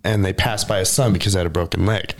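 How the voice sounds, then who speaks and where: A man's voice: low voice, fast talker. A man co-hosting a casual podcast chat, telling a parable and acting out the townsfolk's voices. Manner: animated storyteller, acts out townsfolk voices. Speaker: podcast co-host.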